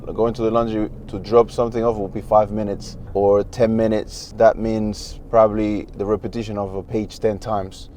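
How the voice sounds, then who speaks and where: A man's voice: fairly low pitch, warm tone, a little hiss or hum. A young man vlogging casually, telling laid-back, slangy stories and laughing along. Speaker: vlogger and Arabic teacher. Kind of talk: casual storytelling vlog.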